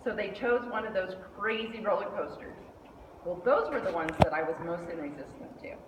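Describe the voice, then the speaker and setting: A middle-aged woman giving a lively storytelling speech, acting out the voices of the people in her story. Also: medium pitch, normal speed, distant mic, heavy background noise. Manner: animated, acts out quoted voices. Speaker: speaker at a speech club. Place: meeting hall indoors. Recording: echoey hall, mic from afar.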